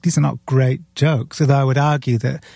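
Mellow, husky man telling a story. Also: medium pitch, steady tone, fairly quick, no room sound, clean studio sound. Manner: earnest storyteller, retells scenes; sipping beer while talking. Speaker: author guest. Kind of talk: podcast conversation.

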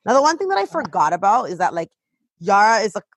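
A woman with a husky, slightly breathy voice tells animated stories in casual chat, leaning on "like" at every turn. The sound is dry and close, with no room around her. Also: medium pitch, fast, no echo. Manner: animated storytelling, heavy use of "like". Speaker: mother of a toddler.

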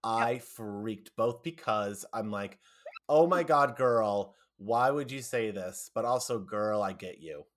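A woman co-hosting a podcast in casual chat, animated, asking questions and joking along. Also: rumbling low, slow pace. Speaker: podcast co-host.

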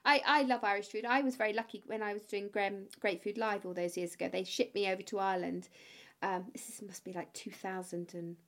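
A woman's voice: medium pitch, fairly even intonation, fairly quick. A woman hosting a casual podcast interview, bubbly and playful, laughing often. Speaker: podcast host.

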